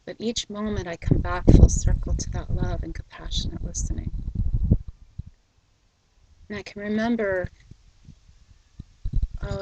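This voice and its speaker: A middle-aged woman hosts a spiritual video, sharing a personal story softly, slowly, and gently with frequent "ums." Her voice is medium-pitched, and the recording is very noisy.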